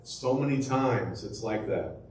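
A man's voice: medium pitch, lively intonation, a little slow, darkish tone, slight background noise. Man preaching, conversational sermon, echoey room, distant mic, faint ambience. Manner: conversational storytelling with many fillers and rhetorical questions. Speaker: pastor.

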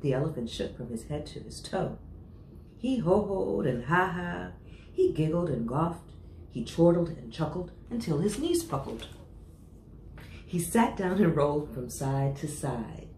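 A woman reading a children's picture book aloud in an expressive, sing-song storyteller's way. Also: sits low, measured pace, reverberant, slight background noise.

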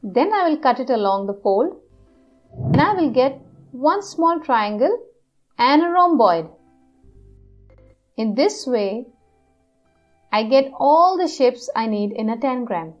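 A woman's voice: high voice, very animated, slow, pauses often, highs cut off, soft background music, full character voice. A woman voicing a clever, patient tortoise who explains step by step how to cut and arrange shapes. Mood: instructing. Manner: step-by-step instructional.

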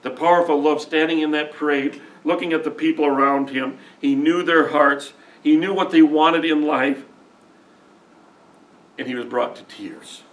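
A man's voice: on the high side, fairly even intonation, normal speed, fairly bright tone, distant mic. A middle-aged man preaching a sermon as pastor, earnest, folksy and openly emotional. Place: church sanctuary.

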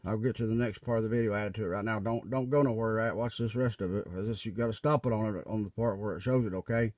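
A man's voice: lowish voice, steady tone, fast talker, darkish tone, dry recording. Earnest man preaching to his viewers. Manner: earnest, rambling, repeats words, preaching to viewers. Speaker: religious video maker. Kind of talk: casual religious video talk. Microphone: tablet mic.

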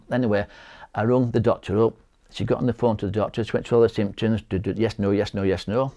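Halting Yorkshire man, low and dark. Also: fairly even intonation. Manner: halting, repeats words, acts out quotes. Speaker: interviewee, bereaved husband. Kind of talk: personal testimony.

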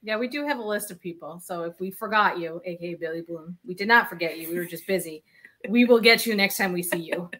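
A woman's voice: fairly low pitch, quick pace, fairly bright tone. A pregnant woman guest in a casual podcast chat, telling stories in an easygoing way. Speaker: guest, bowler.

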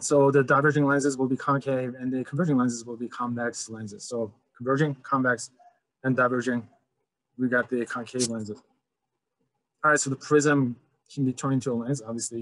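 A man giving a relaxed physics lesson, thinking aloud as he walks through diagrams. His voice is mid-pitched and sits close and dry on the mic, with no room sound. He keeps restarting with "all right" and "okay". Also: dry recording, rough recording. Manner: loose, conversational, many "all right" restarts. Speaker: physics teacher. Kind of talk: casual lecture over slides.

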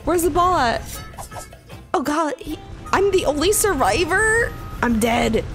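A young woman hosting a gaming channel, giving excitable gameplay commentary with frequent squeals and gasps over game music. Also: high voice, measured pace. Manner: squeals, gasps and laughs often.

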